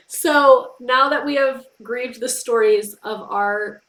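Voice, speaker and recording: Chatty young woman, bright roomy voice. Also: a little high, takes it slowly, few pauses. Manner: chatty, emotional, many "like" fillers. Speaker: history streamer. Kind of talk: casual live-stream history talk. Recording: roomy echo.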